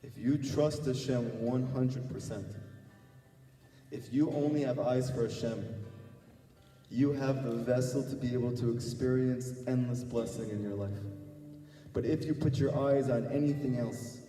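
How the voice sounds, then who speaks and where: Man, rabbi, sermon storyteller; mellow, earnest, repetitive emphasis; distant roomy recording. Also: medium pitch, fairly even intonation, measured pace. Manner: earnest, repeats phrases for emphasis. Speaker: rabbi giving a talk. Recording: echoey hall, far from mic, faint guitar.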